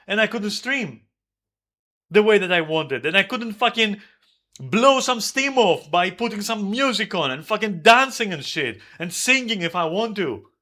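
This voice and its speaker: Male streamer, high bright voice, angry profane venting. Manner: heated, profane, yelling at times. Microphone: desk microphone.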